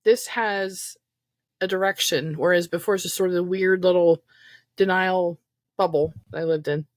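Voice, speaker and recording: A woman's voice: fairly low pitch, fairly even intonation, normal speed, dry recording. A woman co-hosting a recovery podcast over a remote call, talking things through in a reflective, rambling way with fillers. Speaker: podcast co-host. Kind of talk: casual podcast chat about trauma recovery.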